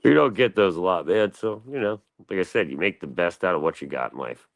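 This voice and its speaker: A young man with a drawl and an extremely low, deep voice. He rambles through casual stories in a slangy, loose way, full of fillers and asides. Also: expressive, a little fast, creaky. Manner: laid-back, slangy, loose storytelling with lots of fillers. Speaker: guest on a live panel stream.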